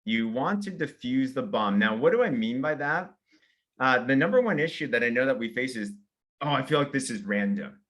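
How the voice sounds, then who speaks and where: An energetic man leads a motivational sales training session, walking listeners through simple numbered steps. He acts out sample invitations in a friendly, upbeat way. His voice is medium-pitched, in a man's middle range, and his pace a little fast.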